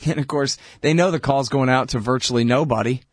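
A man's voice: medium pitch, brisk, no echo. A man hosting a radio commentary show, talking in a sarcastic, conversational and emphatic way into a close mic. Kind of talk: political commentary monologue.

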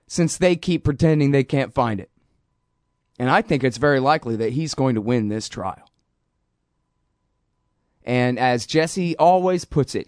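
A man's voice: medium pitch, a little mellow, dry recording. Man, talk radio host, blunt and slangy, dry close mic. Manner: blunt, slangy and fast-talking, trails off into mumbles. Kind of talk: casual talk radio monologue.

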